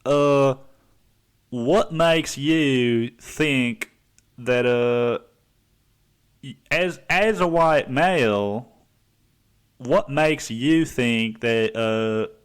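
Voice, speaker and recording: A man doing an impression of a blunt older TV advice host, asking slow, drawn-out scolding questions. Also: mid-range voice, clear, resonant tone, pitched above the performer's own voice.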